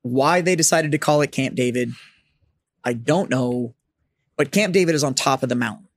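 A man hosting a podcast, telling stories in a casual bar chat, animated and swearing freely. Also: medium pitch, moderate pace, no room sound. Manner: animated storyteller, swears freely, mimics voices. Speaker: podcast host. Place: studio set up as a bar.

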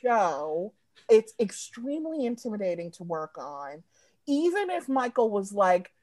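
A woman comedy writer chats loosely on a podcast, cursing freely and giggling, often laughing mid-sentence as she tells stories at a slow, drawn-out pace. Her medium-pitched voice is sing-song with a darkish tone. It sounds close and dry, with no room around it.

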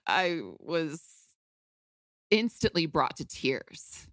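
A woman's voice: sits low, slow pace, dry recording, studio quality. A woman hosting a podcast, candidly telling a personal story in an emotional, outspoken way with casual swearing. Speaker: podcast host.

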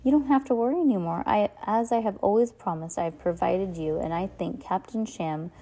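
A man's voice: high-pitched, a little fast, warm tone, low-quality recording. A woman voicing a fussy, flustered, well-meaning middle-aged man who coughs into his handkerchief.

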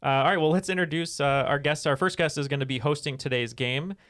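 A man's voice: on the high side, fast, fairly bright tone. A man hosting a casual comedy podcast in a studio, joking around and steering the chat. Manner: joking, runs the conversation. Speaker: podcast host.

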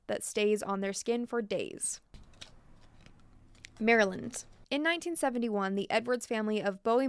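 A woman's voice: medium pitch, clear, resonant tone, no room sound. A woman hosting a podcast, telling spooky legends with chatty, playful asides. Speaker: podcast host. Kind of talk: storytelling podcast.

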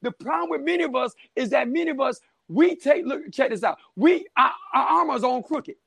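A man preaching a shouted, rhythmic call-and-response sermon, with frequent "amen.". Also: very high-pitched, expressive, a little fast, vocal fry, slightly rough, dry recording, clean studio sound.

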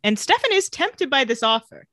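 A woman's voice: high voice, sing-song, moderate pace, bright, forceful tone, no room sound, clean studio sound. A young woman co-hosting a podcast, recapping a TV episode in casual, sarcastic chat and acting out the characters' lines. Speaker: podcast co-host.

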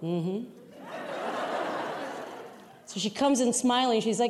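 A woman's voice: a little high, slow pace. A woman performing a stand-up comedy set, telling a story with acted-out dialogue and plenty of profanity. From Mexican heritage. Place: large venue before a live audience. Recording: roomy live venue with loud crowd. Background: laughing audience.

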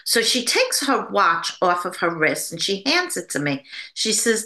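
A woman, a psychic medium, recounts her story in an interview with a bright, clear tone. Her pitch swings widely as she talks, and she acts out the voices of the people she quotes. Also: sing-song, a little slow.

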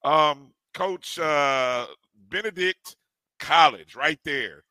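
A middle-aged man co-hosts a sports podcast in an easygoing way, stumbling over his words before his questions. His tone is very bright and forceful, and the sound is completely dry. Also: on the high side, lively intonation, extremely slow, dry recording, poor audio. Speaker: podcast co-host.

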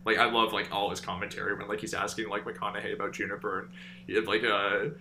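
A man's voice: fairly low pitch, flat delivery, fast, pushed and bright, slight background noise. A man hosting a casual film discussion podcast, chatty and enthusiastic, with lots of filler words. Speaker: podcast host.

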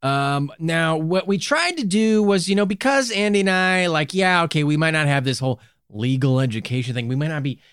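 A man's voice: on the high side, fairly quick, few pauses, smooth, dry recording, studio quality. A man co-hosting a comedy podcast, riffing and laughing through improvised banter. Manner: laughing, animated, jokey. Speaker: podcast co-host.

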